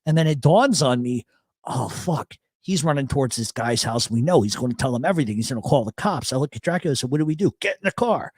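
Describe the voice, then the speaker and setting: A man hosts a live chat show, swearing freely as he spins stories and answers the chat. His voice sits in an ordinary middle pitch. The sound is dry and close, with no room around it. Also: quick pace, breathy edge, no room sound. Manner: profane, storytelling, animated. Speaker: radio show host.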